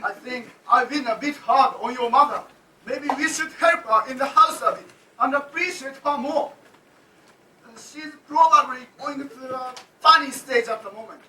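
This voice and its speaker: Student doing a gentle well-meaning dad, very bright high voice, echoey stage far off. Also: moderate pace, a little hiss or hum. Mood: mild. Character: well-meaning middle-aged father, mild. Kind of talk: amateur stage play.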